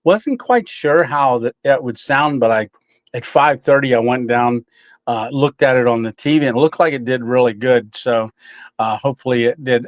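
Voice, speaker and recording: A man's voice: medium pitch, no room sound. A middle-aged man from Tennessee, hosting a casual livestream, reading viewer comments and rambling with fillers and chuckles. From Tennessee, USA. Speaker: livestream host.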